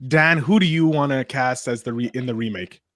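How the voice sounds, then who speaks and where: A man hosting a casual movie podcast, keeping the talk moving with quick plugs and questions. His voice sits at a middle pitch, recorded close and dry with little room sound. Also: fairly bright tone, no echo. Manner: chatty, plugs shows, self-deprecating about stuttering. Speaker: podcast host. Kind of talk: casual chat.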